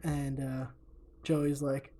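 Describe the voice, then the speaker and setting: A man's voice: mid-range voice, flat delivery, extremely slow, mellow, a little hiss or hum. A young man co-hosting a podcast, retelling a story in a rambling, profane and giggly way. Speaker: podcast co-host. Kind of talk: casual chat.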